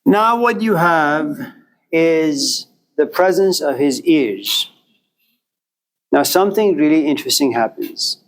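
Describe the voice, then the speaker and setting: Male lecturer, fairly high voice, measured delivery with rhetorical questions. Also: animated, low-quality recording. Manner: deliberate, asks rhetorical questions and answers them. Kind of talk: classroom lecture.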